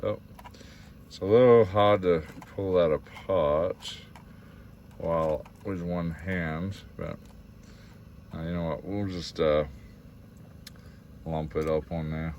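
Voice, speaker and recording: A man's voice: low-pitched, steady tone, takes it slowly, long pauses, a little mellow, highs cut off, slight background noise. An Australian man from Australia casually vlogging his cooking inside a camper van, rambling along with lots of fillers and calling his viewers guys.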